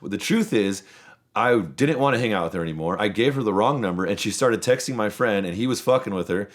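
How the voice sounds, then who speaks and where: A man's voice: lowish voice, expressive, fairly quick. A man in his thirties hosting a podcast, telling long, rambling stories in casual chat and swearing freely. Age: 30s. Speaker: podcast host.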